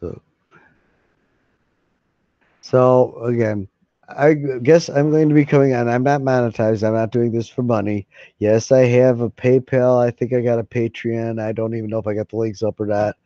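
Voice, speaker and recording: A man's voice: medium pitch, fairly even intonation, normal speed, dark tone, no echo. A man live streaming, chatting casually to his viewers in a rambling, folksy way and swearing freely. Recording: dull lo-fi mic.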